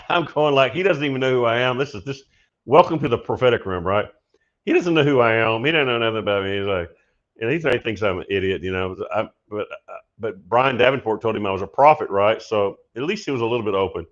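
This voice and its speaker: A man hosting a prophetic teaching show, telling a story in a casual, animated way and laughing often. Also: medium pitch, a little fast, muffled recording. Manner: animated, laughs often, shouts when acting out his story. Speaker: prophetic minister and show host.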